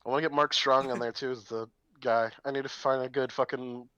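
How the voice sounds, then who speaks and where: A man with a bright, ringing, slightly high voice rambles through a story, swearing freely and laughing as he goes. The sound is close and dry, with no room behind it. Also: steady tone, a little fast, smooth, no room sound, highs cut off. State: recovering from illness. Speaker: podcast co-host. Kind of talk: casual chat.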